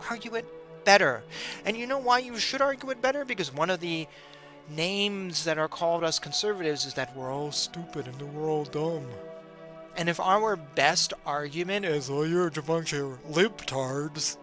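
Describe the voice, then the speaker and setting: A man's voice: a little high, lively intonation, moderate pace, pushed and bright, faint music behind. A middle-aged man hosting a casual monologue, talking straight to his audience with lots of rhetorical questions. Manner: conversational, rhetorical questions, chuckles. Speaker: political commentary host. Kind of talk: casual direct-to-camera monologue.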